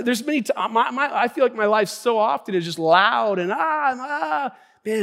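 A man pastor preaching a sermon in a church, talking in an energetic, conversational way with many restarts. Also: high-pitched. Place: church sanctuary. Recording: long church hall reverb.

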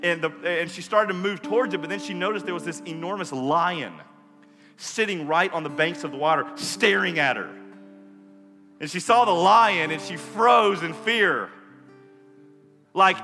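A man preaching a sermon as pastor, his delivery rising from hushed prayer to impassioned appeal. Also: sits high, normal speed. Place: church sanctuary. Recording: music, long hall reverb.

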